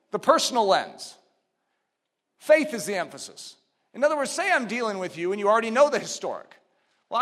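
A man preaching a sermon, teaching step by step with rhetorical questions and building to emphatic, near-shouted exhortations. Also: sits high.

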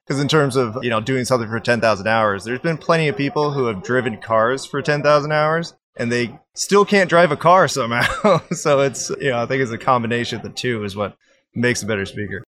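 A man's voice: mid-range voice, a little fast, fairly bright tone. A man hosting a podcast interview, chatting casually and laid-back, laughing easily. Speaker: podcast host.

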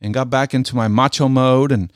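A middle-aged man, a military veteran, telling a personal story in an earnest, halting way and often repeating his words. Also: medium pitch, fairly even intonation, dry recording, studio quality.

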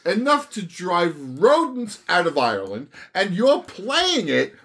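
A husky-voiced older man chatting on a podcast. He tells stories with a lot of animation, his pitch rising and falling freely, and he swears and laughs as he goes. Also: wildly swooping pitch, measured pace, a bit bright. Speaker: podcast host. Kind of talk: casual chat.

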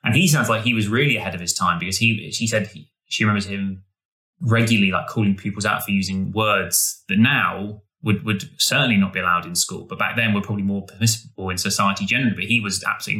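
Man, podcast co-host, quick talker with a bright tone, eager and rambling delivery. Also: fairly low pitch. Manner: enthusiastic, rambling with restarts. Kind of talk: casual podcast chat.

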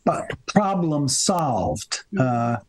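A man's voice: mid-range voice, sing-song, very slow, low-quality recording. A man co-hosting a podcast, talking casually, rambling with many fillers and restarts. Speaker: podcast co-host. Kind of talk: casual conversation.

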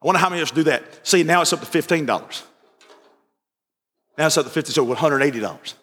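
A man preaching a sermon as pastor, telling stories and moving between quiet asides and raised fervor. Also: fairly high pitch, fast talker, long pauses. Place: church sanctuary. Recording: church sanctuary with long reverb.

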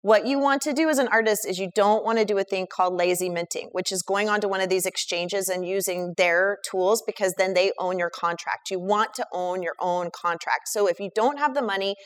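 Brief: woman, mid-pitched, emphatic, enthusiastic advice-giver in casual chat. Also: brisk, hardly any pauses. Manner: enthusiastic, emphatic, recommends people one by one.

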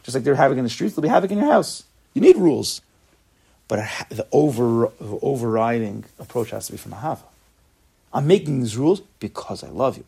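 A man's voice: mid-range voice, creaky, a little mellow, husky. A man giving a spoken Torah lecture, emphatic and repetitive, often dropping Hebrew terms into his English. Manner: emphatic, repeats words, sprinkles in Hebrew terms. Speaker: Torah teacher.

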